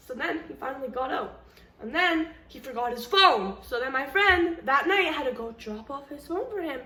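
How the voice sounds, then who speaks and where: A young woman vlogger telling a story in a casual, animated, slangy way, acting out what people said in her own voice. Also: high-pitched, a little fast. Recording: echoey room, faint ambience.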